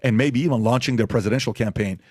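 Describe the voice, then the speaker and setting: A man speaks quickly and insistently in casual podcast talk, piling up rhetorical questions. His voice sits at a middle pitch. The sound is dry and close, with no room echo. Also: a little mellow. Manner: emphatic, repeats rhetorical questions. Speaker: podcast host.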